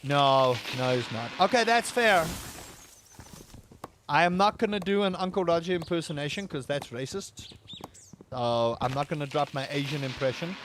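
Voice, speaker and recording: A man's voice: fairly high pitch, noisy background. A man streaming a game, rambling and joking at his own expense while he reads and answers his chat. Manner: rambling, self-mocking, reading chat aloud. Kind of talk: casual live-stream chat.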